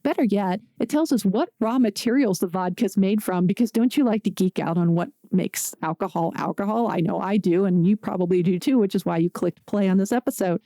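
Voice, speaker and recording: A woman's voice: medium pitch, a little fast, hardly any pauses, dark tone, no echo, studio quality. A woman from Pittsburgh hosting a solo podcast, talking in a chatty, conversational way with jokey asides. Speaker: podcast host.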